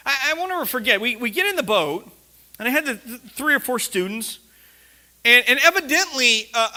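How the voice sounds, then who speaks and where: Bright-voiced, high male preacher. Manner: animated storyteller, laughs often, shouts quoted lines. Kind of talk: sermon with personal story.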